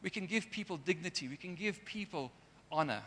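A man's voice: high voice, lively intonation, brisk, fairly bright tone. A man preaching a sermon in an earnest way, sometimes getting emotional. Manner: earnest, gets emotional at times. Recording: long hall reverb.

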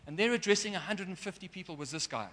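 A man's voice: high-pitched, expressive, quick pace, a bit bright. A man preaching a sermon in an earnest way, sometimes getting emotional. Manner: earnest, gets emotional at times. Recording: long hall reverb.

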